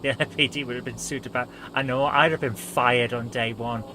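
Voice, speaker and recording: A man's voice: medium pitch, fairly even intonation, moderate pace, background noise. A man hosting a let's play, talking casually over his gameplay with frequent exclamations and mild swearing. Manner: exclamatory, swears and laughs at his own driving.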